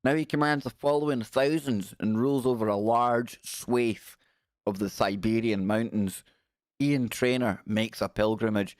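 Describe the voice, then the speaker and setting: A man's voice: mid-range voice, steady tone, moderate pace, dry recording, studio quality. A man hosting a casual livestream, joking wryly and reading news passages aloud. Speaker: livestream host. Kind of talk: casual live-stream commentary.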